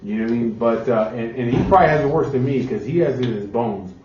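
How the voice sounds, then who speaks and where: A man's voice: medium pitch, fast, darkish tone. A man hosting a casual sit-down chat. He talks in a laid-back way and swears constantly. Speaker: host of a biker channel. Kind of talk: casual chat, telling a story. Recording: roomy, distant, dull sound.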